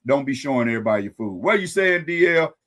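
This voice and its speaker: Speaking quickly at a medium pitch, the host of a live-stream commentary show talks casually to his audience. He's animated, throwing in homespun sayings and dry side comments.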